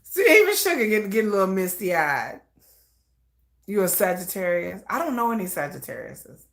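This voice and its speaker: A woman giving casual live reaction commentary, chatty, trailing off into soft murmurs and then jumping into excited bursts. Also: medium pitch, fast, creaky.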